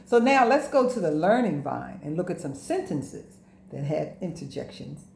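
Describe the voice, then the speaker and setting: A woman teaching a preschool lesson outdoors, reading in a slow, exaggerated, expressive way for small children. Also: low-pitched, gravelly, a little hiss or hum, rough recording. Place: outdoors by a wet board.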